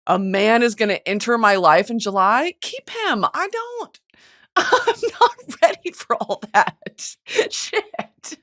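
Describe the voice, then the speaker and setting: A young American woman riffs through a comic podcast monologue with a bright, higher voice that swings wildly up and down. She swears freely and breaks into sudden yells and laughter. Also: takes it slowly. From United States. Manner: animated, swearing, bursts of yelling and laughter. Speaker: podcast host. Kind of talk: casual comedic monologue.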